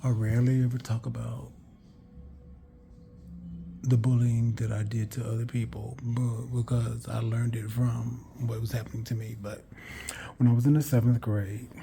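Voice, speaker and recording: A man's voice: medium pitch, level tone, normal speed, gravelly, mellow, slight background noise. A man vlogging a candid personal story in a rambling, frank way, correcting himself and swearing casually.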